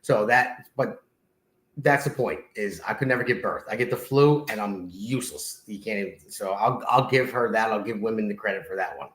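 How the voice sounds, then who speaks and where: A man's voice: on the low side, lively intonation, moderate pace, fairly bright tone. A middle-aged man with a New Jersey accent hosting a podcast, telling teasing jokes in casual banter. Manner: joking, teasing, playful storyteller. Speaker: podcast host. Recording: echoey room.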